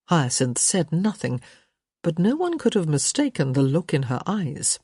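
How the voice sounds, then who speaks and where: A woman narrating a romance audiobook in measured scripted storytelling. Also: sits low, very animated, a little mellow, husky, no room sound, clean studio sound.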